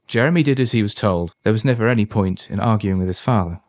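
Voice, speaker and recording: A man narrating a story in an even, steady reading voice. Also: on the low side, fast, hardly any pauses, no room sound.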